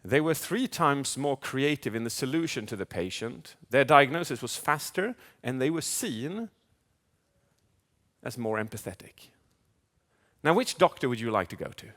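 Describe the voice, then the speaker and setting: A man speaking as a communication coach in a live keynote, animated, asking the audience questions and acting out inner voices. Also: medium pitch, normal speed. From Sweden. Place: large event hall. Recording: long hall reverb.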